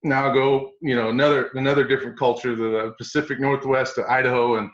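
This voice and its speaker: A middle-aged man with an East Tennessee Southern accent recounts his coaching career in a folksy, animated way. His voice sits at an ordinary pitch. The recording is roomy and a bit dull. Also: fast. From East Tennessee, USA. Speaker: strength coach guest. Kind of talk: storytelling interview.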